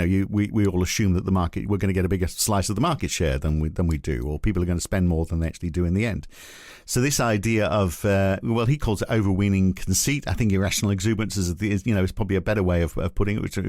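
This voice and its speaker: Low-voiced man musing as podcast host. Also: darkish tone, no room sound, studio quality. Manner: musing, rambling, many restarts. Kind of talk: casual chat on economics.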